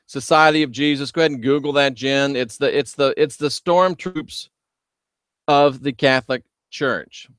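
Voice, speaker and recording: A man hosting a livestream, talking loudly and emphatically while reading viewer chat. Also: mid-range voice, normal speed, clean tone, no room sound, studio quality. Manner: loud, shouting, emphatic. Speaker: host.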